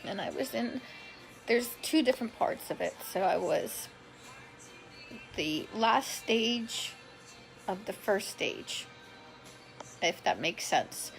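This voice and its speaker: Faint music sits behind a woman in her forties who tells her health story slowly on a live stream, with long pauses and greetings to viewers by name. Her medium-pitched voice is expressive and gravelly, emotional as befits a self-declared drama queen, and the audio is poor.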